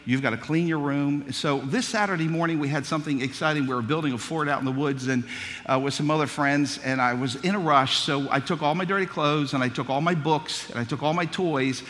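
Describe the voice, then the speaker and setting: A man's voice: on the high side, a little fast, a bit bright, big-room sound. A man preaching a sermon, telling childhood stories in a folksy, humorous way. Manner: folksy storytelling, humorous asides.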